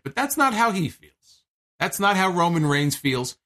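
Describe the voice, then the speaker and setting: A man's voice: high voice, sing-song, unhurried, fairly bright tone. A man casually recapping a wrestling show for his podcast, rambling and chatty, with plenty of fillers and the odd swear.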